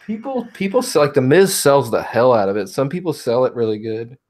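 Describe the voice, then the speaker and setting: A man's voice: medium pitch, big pitch swings, brisk, a little mellow. A man co-hosting a podcast, joking along in casual chat and often restarting his sentences. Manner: joking, with frequent restarts and hedging. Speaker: podcast co-host. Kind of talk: casual chat about wrestling.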